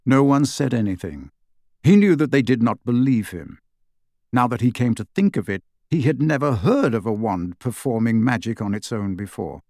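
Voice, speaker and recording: Male narrator, expressive storytelling, animated pitch, dry booth sound. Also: moderate pace, no room sound. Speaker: audiobook narrator. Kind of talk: scripted narration.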